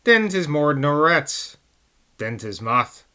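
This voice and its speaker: A man voicing a shrill old Cockney woman in a slow dialect-heavy drawl in a novel reading. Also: sing-song, bright, forceful tone, smooth, heavily acted. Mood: grumbling. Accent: Cockney, put on.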